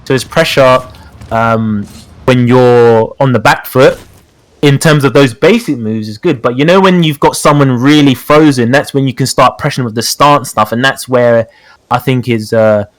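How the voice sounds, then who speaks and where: A man's voice: medium pitch, normal speed, dry recording. British man rambling through a fighting-game tutorial. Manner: rambling, repeats words and fillers, swears casually. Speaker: guest character specialist. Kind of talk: casual gaming tutorial chat.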